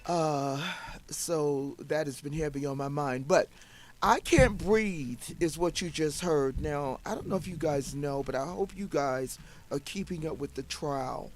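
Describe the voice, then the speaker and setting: A woman hosting an internet radio show in casual talk, sounding low and saddened, hesitant and full of fillers. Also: a little slow, soft background music. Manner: subdued, hesitant, many fillers.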